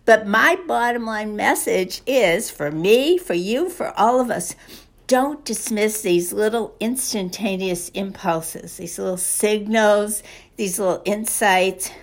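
A woman's voice: medium pitch, takes it slowly. A woman coach talking casually and enthusiastically, retelling a favorite story with a motivational message.

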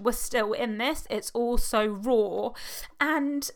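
A British woman, a parent and hypnotherapist, talking through a personal podcast monologue in an earnest, heartfelt way with halting pauses and fillers. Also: on the high side. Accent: British English.

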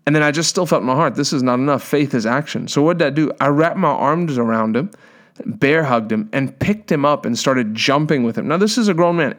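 A man preaching a sermon, telling a healing story with lively quoted voices and reading scripture aloud. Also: mid-range voice.

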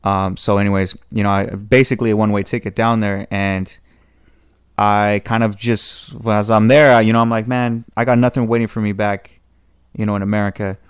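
Speaking a little fast in a level, clear, resonant voice on the low side, a young podcast guest from Southern California spins out a long, wandering anecdote. He keeps restarting and voicing the characters, and the studio sound is clean with no room noise.

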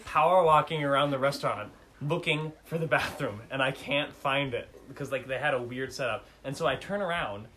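A man's voice: medium pitch, rough recording. A young man, telling a funny story casually with friends and laughing at himself. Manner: animated, self-mocking, laughs through story.

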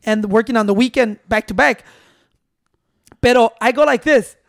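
A man hosting a podcast, telling a story in animated, swearing casual chat with Spanish words mixed in. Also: very high-pitched, normal speed, vocal fry, dry recording, clean studio sound. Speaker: podcast host.

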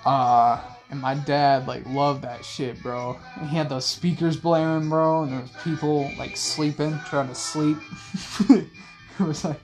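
A young man hosting a rambling late-night monologue in laid-back slang, with soft music playing behind him. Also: a little high, steady tone, measured pace. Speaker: host. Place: in a car.

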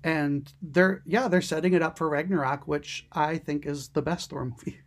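A woman's voice: sits low, fairly even intonation, moderate pace. A woman co-hosting a podcast in casual chat, talking with lots of ums, restarts and frequent laughter. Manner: chatty, laughs often, many ums and restarts. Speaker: podcast co-host.

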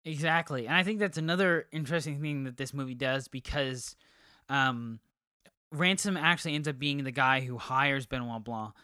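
A man speaks at normal speed in a bright, forceful, smooth medium-pitched voice, recorded dry in a clean studio. He's co-hosting a movie podcast, chatting casually with many ums and restarts.

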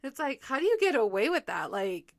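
Young female co-host, slightly high voice, soft-spoken, giggly and rambling with fillers. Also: big pitch swings, brisk. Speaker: podcast co-host. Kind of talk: casual chat.

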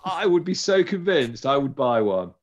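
A man's voice: mid-range voice, big pitch swings, moderate pace, highs cut off. A man, hosting a casual podcast chat and rambling through restarts. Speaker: podcast host.

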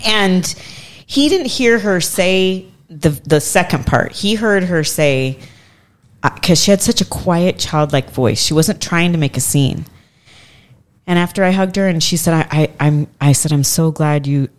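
A woman's voice: sits low, normal speed. A woman in her forties telling a long personal story in a casual podcast chat, animatedly acting out what others said. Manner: animated, acts out quoted voices.

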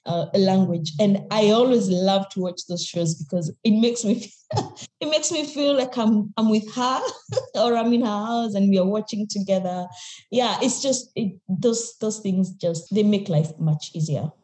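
Interview guest, young Kenyan woman, mellow and candid, echoey room sound. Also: medium pitch, unhurried. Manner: reflective, candid, frequent laughs and restarts. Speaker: podcast guest. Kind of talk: podcast interview.

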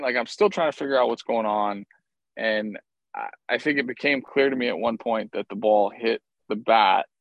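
A man telling a lively story from his playing days, swearing freely and acting out what people said. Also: mid-range voice, vocal fry, no echo, lo-fi sound. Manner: animated, profane, acts out quotes. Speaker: former baseball player, guest. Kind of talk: casual storytelling interview.

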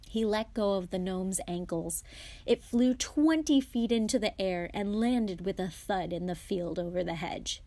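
A woman reads a chapter book aloud as a guest reader. She tells the story steadily and clearly at an ordinary middle pitch. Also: a little slow, warm tone, no echo.

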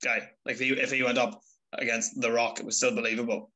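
A man's voice: mid-range voice, fast talker, poor audio. A man on a podcast, chatting casually and animatedly acting out what people said in his stories. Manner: animated storyteller acting out quotes. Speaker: podcast guest, trainee wrestler. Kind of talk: casual chat.

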